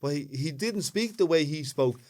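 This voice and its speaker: A man with a Dublin accent co-hosting a podcast, chatting casually and telling lively stories. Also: fairly high pitch, moderate pace. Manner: lively storyteller, acts out quoted voices. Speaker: podcast co-host. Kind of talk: casual chat.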